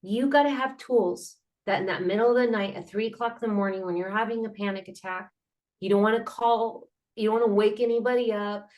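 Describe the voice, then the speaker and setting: A woman's voice: mid-range voice, a little fast. A woman guest speaking about healing in a casual interview, earnest and rambling, with frequent fillers and restarts, acting out sounds and laughter as she explains. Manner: animated, acts out sounds and laughter. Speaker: guest, mental health advocate.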